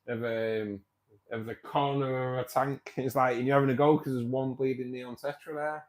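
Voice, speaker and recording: A man's voice: medium pitch, fairly even intonation, normal speed, rough recording. A middle-aged man hosting a live stream, chatting casually and rambling while reading out viewer comments with frequent laughs. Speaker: livestream host of a fishkeeping club.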